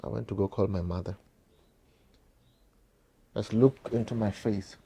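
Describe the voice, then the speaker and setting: A man's voice: on the low side, steady tone, measured pace, vocal fry, warm tone, slightly rough. A South African man telling a painful personal story straight to his viewers, repeating phrases and calling them guys. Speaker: vlogger.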